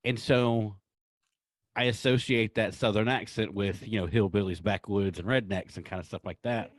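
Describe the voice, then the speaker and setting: A man's voice: fairly low pitch, fairly even intonation, moderate pace. A man hosting a podcast who chats casually and tells stories in a rambling way, laughing as he goes. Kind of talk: casual chat.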